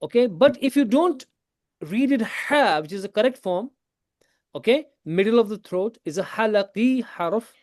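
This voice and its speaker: A man teaching a tajweed class in a classroom. He explains slowly, asks his students questions, repeats his points and switches into Hindi now and then. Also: high-pitched, lively intonation, darkish tone, dry recording, clean studio sound. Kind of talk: classroom lesson.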